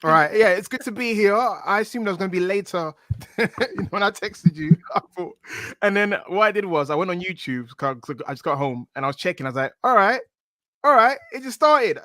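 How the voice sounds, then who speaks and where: A man riffs playfully as a podcast guest, rambling from joke to joke. His voice sits on the high side for a man. The call audio sounds dry and close. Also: animated, brisk, fairly bright tone, no echo. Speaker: guest pundit. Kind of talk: casual podcast chat.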